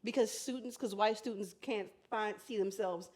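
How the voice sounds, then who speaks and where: A woman's voice: medium pitch, moderate pace, darkish tone. A woman co-hosting a podcast in casual chat, outspoken and heated, laughing often. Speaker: podcast co-host.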